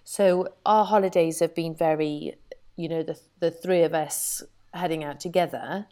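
A woman's voice: deep voice, fairly even intonation, normal speed, warm tone. A middle-aged woman, a podcast co-host chatting animatedly and laughing often. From Wales. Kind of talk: casual chat.

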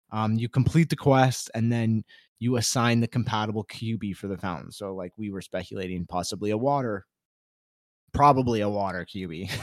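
A man co-hosting a casual gaming chat, talking in a relaxed, rambling way full of fillers. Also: on the low side, no echo, clean studio sound. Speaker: podcast co-host.

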